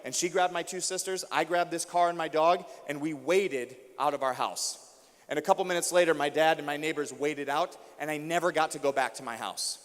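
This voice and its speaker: A man's voice: a little high, a little fast. A young adult American man giving a motivational keynote to teachers, telling a personal story and building emotion with repeated refrains. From United States. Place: large school auditorium. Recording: long hall reverb.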